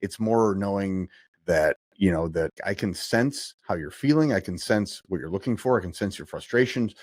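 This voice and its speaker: A man's voice: low-pitched, animated, moderate pace, a little mellow, breathy edge, dry recording. A man who is a podcast guest, talking in an earnest, casual way and often restarting his sentences. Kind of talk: casual conversation.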